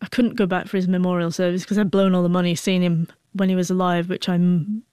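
A woman's voice: on the low side, flat delivery, fast talker, a little mellow, smooth, no echo, clean studio sound. A woman in her forties with a stutter, telling an emotional personal story as an interview guest, with frequent sound blocks and restarts. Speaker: guest, author.

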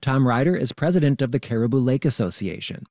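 A man, a radio reporter, narrating a scripted news feature in a calm, measured way. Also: mid-range voice, no echo, clean studio sound.

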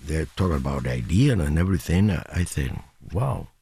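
A man in his seventies, a guest musician, telling stories in halting non-native English with many restarts and frequent laughter. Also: very deep voice, lively intonation, warm tone, breathy edge. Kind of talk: animated interview chat.

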